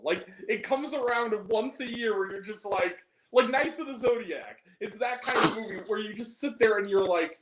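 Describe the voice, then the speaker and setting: A man giving a casual film review, animated, laughing often and acting out scenes in lively quoted voices. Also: sits high, moderate pace, few pauses. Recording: echoey room with faint noise.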